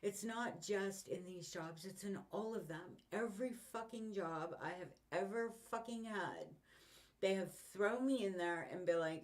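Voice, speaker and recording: A vlogger in her fifties vents in a casual, rambling monologue, sounding frustrated and swearing often. Her voice is medium-pitched at a measured pace, and her mic is set far away.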